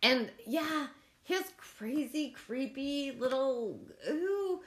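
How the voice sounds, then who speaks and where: A woman in her forties chatting casually on a podcast, excitable and swearing freely. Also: high voice, extremely slow. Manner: excitable, swears freely, sing-song chanting. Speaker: guest. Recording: echoey room with faint noise.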